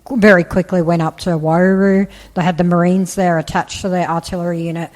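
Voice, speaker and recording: An Australian woman in her forties, an army veteran, telling stories in a casual, animated way during an interview. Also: fairly low pitch, fairly quick. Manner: chatty, animated storyteller, laughs easily. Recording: roomy with long reverb.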